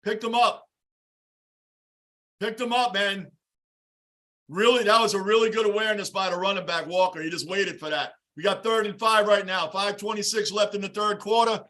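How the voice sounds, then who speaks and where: A man hosting a live football reaction stream, greeting chatters by name and shouting at big plays. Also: high-pitched, fairly even intonation, normal speed. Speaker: livestream host reacting to a game. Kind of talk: live game reaction and fan chat.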